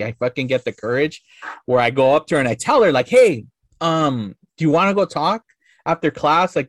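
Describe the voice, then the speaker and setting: A man's voice: mid-range voice, dry recording, clean studio sound. A man in his thirties, a podcast guest telling a story casually in a rambling, profane way full of filler words.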